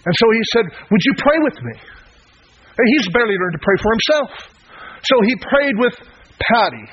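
A man's voice: extremely high pitch, very animated, normal speed, breathy edge. A man preaching a sermon, retelling a story in a conversational way with lots of quoted speech. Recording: dull lo-fi sound with faint noise.

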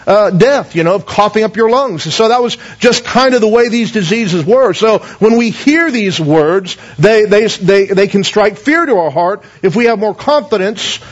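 High-voiced man preaching a sermon. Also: expressive, normal speed, few pauses. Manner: earnest preaching, asks the congregation questions, repeats words. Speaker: pastor. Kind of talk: sermon with scripture reading and prayer. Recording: dull lo-fi recording.

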